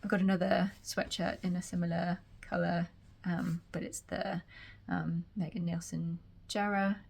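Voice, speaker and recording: A woman chats casually to camera from her home sewing room, her voice a little croaky and tired after a late night. Her tone sits fairly low with a gravelly edge, and she rambles along with plenty of ums and restarts. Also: level tone, measured pace, darkish tone. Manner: chatty, rambling with many fillers. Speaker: sewing vlogger.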